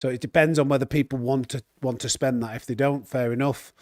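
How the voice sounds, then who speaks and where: A man's voice: medium pitch, fairly even intonation, fast talker, a little mellow, no room sound, clean studio sound. A man chatting casually on a live stream, reading chat and restarting his sentences often. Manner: chatty, reads chat aloud, frequent restarts and fillers.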